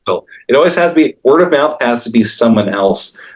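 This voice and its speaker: A man's voice: medium pitch, animated, fairly quick. A man who is a comic book artist, chatting casually in an interview and telling rambling stories with many fillers and restarts.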